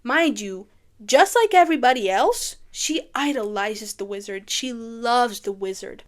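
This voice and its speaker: Chatty, gushing woman with a brightish voice. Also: fairly high pitch, a little slow. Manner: chatty and gushing, swinging between excited and wistful. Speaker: YouTuber reviewing a film musical. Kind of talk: casual film commentary.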